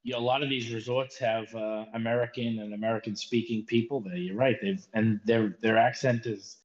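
A man's voice: medium pitch, fairly even intonation, a little fast, muffled recording. A man with a Boston accent co-hosting a casual podcast chat, given to playful mock-formal banter. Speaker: podcast co-host.

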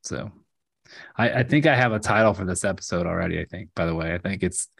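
A man co-hosting a faith podcast, chatting casually with frequent laughs and leading a halting spontaneous prayer. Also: low-pitched, vocal fry, husky, no echo, studio quality. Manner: relaxed, laughs often, halting restarts. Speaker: podcast co-host.

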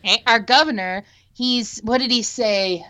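A woman's voice: a little high, measured pace, pushed and bright. A woman from Michigan, co-hosting a podcast in casual, playful, teasing chat. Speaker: podcast co-host.

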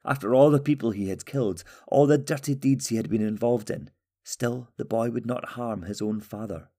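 A man reading a fantasy story aloud in a steady, even storytelling manner. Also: medium pitch, moderate pace, gravelly. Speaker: audiobook narrator. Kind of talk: scripted fantasy narration.

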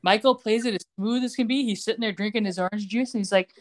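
A woman's voice: quick pace, few pauses. A woman co-hosting a podcast, casually recapping a television episode and acting out the characters' lines with laughs. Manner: acts out characters' lines with shifting pitch, laughs often. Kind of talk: casual chat, animated plot retelling.

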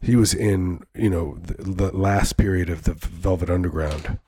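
A man co-hosting a casual chat podcast, joking around and sometimes breaking into falsetto singing and sound effects. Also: steady tone, normal speed, mellow, breathy edge. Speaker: podcast co-host.

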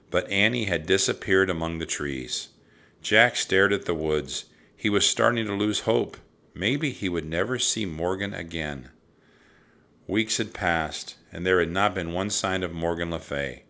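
A man with a low, bright voice reads a children's storybook aloud. His delivery is slow and measured, and his pitch swings widely from line to line. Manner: expressive, measured reading. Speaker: narrator. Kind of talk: storybook reading.

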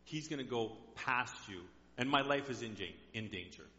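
A man voicing a fearful young David in a low, subdued tone. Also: normal speed, bright, forceful tone, lightly acted. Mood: worried. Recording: dull echoey hall.

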